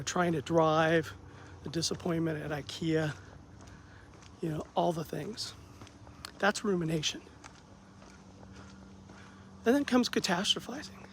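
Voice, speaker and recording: A man who works as a therapist, telling a story about his bad day in a casual vlog, acting out the dialogue with lively ups and downs. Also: on the high side, vocal fry, slight background noise. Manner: animated, acts out quoted dialogue, self-deprecating.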